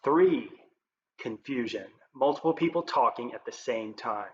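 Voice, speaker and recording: A man presenting as a leadership coach, giving scripted tips to camera in a clear, upbeat presenter manner. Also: medium pitch, animated, measured pace. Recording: roomy, slightly dull with faint noise.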